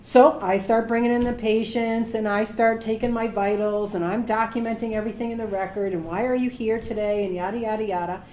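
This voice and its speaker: A middle-aged woman, a medical assistant, giving career advice to students as a lively storyteller who acts out the voices of people she quotes. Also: on the high side, brisk, few pauses. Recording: echoey room with faint noise.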